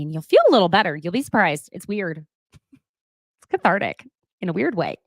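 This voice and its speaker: Animated, sarcastic woman host. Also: medium pitch, normal speed, no echo, clean studio sound. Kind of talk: casual reality TV recap.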